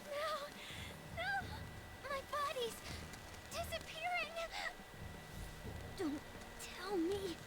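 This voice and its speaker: A woman's voice: very high voice, very animated, very slow, long pauses, over a noisy crowd, exaggerated voice. An actress playing a frightened, desperate teenage girl in a video game, crying out pleadingly. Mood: panicked. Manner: pleading, distressed cries.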